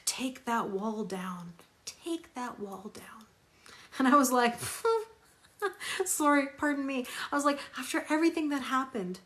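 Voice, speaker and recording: A woman's voice: medium pitch, fairly bright tone. Emphatic woman tarot reader. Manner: emphatic, repeats phrases, greets viewers by name. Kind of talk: live-stream chat.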